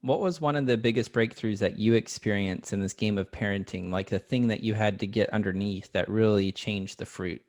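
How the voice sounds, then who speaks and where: A man's voice: on the low side, a little fast, hardly any pauses, a little mellow. A male podcast host asking his guest questions in a curious, casual way. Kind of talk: interview questions.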